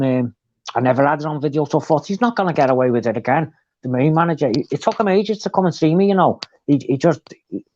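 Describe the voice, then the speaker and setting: A man telling animated stories in a casual live chat. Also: mid-range voice, muffled recording, slight background noise. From England. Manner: chatty, animated storytelling. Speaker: co-host.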